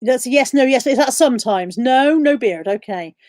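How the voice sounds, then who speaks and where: Woman host, fairly high voice, dry close sound, chatty, reads chat questions aloud in a casual live-stream style. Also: expressive, normal speed, a little mellow, no echo. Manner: reads viewer questions aloud and answers them.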